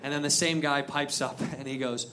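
A man telling a story in a stand-up set, animated, with loud punchlines. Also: on the high side, brisk. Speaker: stand-up comedian. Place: comedy club with live audience. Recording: crowd laughter and noise.

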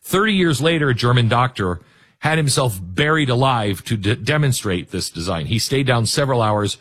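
Middle-aged male host, husky, swings his pitch around a lot, jokes as he tells a story. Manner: animated, jokey asides. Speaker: radio talk show host. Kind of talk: storytelling monologue.

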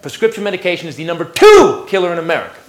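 A man doing a sarcastic stand-up comedy routine, incredulous and shouting his punchlines. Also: high voice, wildly swooping pitch, rapid-fire, roomy sound.

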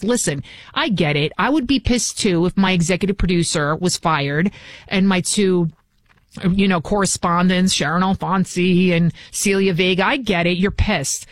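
A woman's voice: on the low side, moderate pace, no room sound. A woman filling in as a talk radio host, delivering a combative, scornful political monologue into a studio mic.

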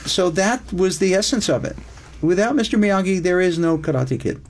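A man's voice: sits high, lively intonation, moderate pace, noisy background. An older man, a screenwriter guest in a casual interview, talking reflectively and drawing out words for emphasis.

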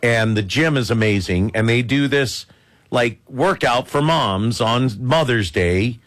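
A man's voice: mid-range voice, measured pace. A male radio host telling stories in joking banter, poking fun at himself as a dad. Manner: animated, joking, self-mocking dad humor.

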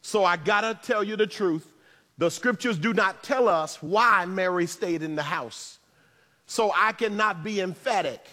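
Male pastor, sermon, high bright voice, animated with shouted emphasis; church reverb. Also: unhurried.

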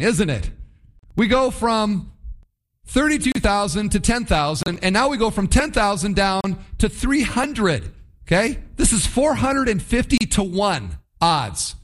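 Man, high-pitched voice, pastor, lively Bible teaching, playful acted-out asides. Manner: lively storytelling, acts out voices of the people in the story.

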